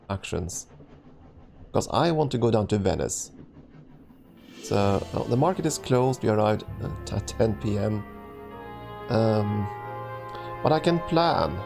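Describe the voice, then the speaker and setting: A man's voice: on the low side, gravelly, darkish tone. A man streaming a let's play, chatting casually and reading a story game's text aloud with frequent ums, restarts and chuckles.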